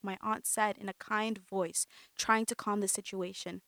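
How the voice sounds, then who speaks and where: A young woman narrates her own memory in a soft, reflective voice. Her pitch sits in a middle range. The sound is dry and close, with no room around it. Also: steady tone, a little slow, gravelly, no room sound. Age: young adult. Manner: quiet, reflective storytelling with sharp acted-out quotes. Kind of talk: reading a personal story aloud.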